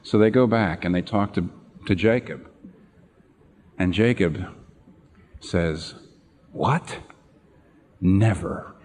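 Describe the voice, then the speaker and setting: A man preaching a sermon, retelling a Bible story with animated storytelling and acted-out lines. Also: deep voice, slow pace, pauses often, a little hiss or hum. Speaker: pastor. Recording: reverberant hall.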